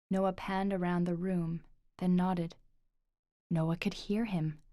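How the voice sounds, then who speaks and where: Steady and measured, a woman delivers scripted audiobook narration in a voice on the low side. It's studio-quality audio without any echo.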